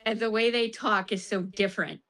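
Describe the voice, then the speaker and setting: A woman's voice: mid-range voice, a little fast, a bit bright. A woman streamer chatting casually about a game, laughing often and acting out the characters' lines in bursts.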